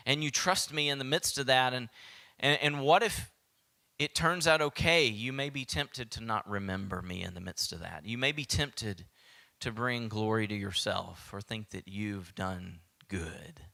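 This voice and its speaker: A man with a Southern American accent preaching a sermon as pastor, animated and acting out quoted voices, sometimes dropping to a hushed whisper. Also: on the low side, unhurried, creaky.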